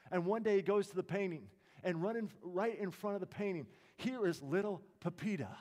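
A man preaching a sermon, telling a story dramatically and dropping to a hush at emotional moments. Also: high voice, a little fast.

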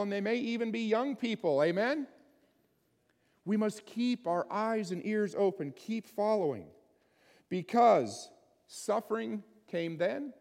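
High gravelly male preacher in hall. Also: a little mellow. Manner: conversational, asks the congregation many questions. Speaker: pastor. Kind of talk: sermon.

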